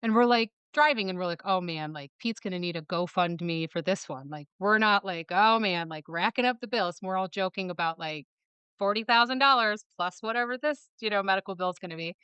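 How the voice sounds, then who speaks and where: Woman from michigan retelling what happened, quotes everyone, says like a lot, smooth clear voice, dry sound. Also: medium pitch, pushed and bright, dry recording. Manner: fast retelling, quoting others with "like". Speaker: podcast guest. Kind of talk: personal storytelling.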